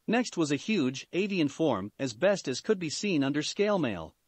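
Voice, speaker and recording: A man's voice: a little high, very animated, moderate pace, no room sound. A man narrating a fan fiction story into a close mic, steadily, sometimes repeating a word. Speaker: story reader.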